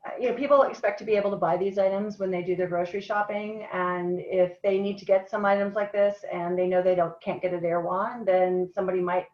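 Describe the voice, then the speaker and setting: A woman's voice: medium pitch, fairly even intonation, quick pace, few pauses. Woman on a dull, roomy video call. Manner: thoughtful, full of fillers.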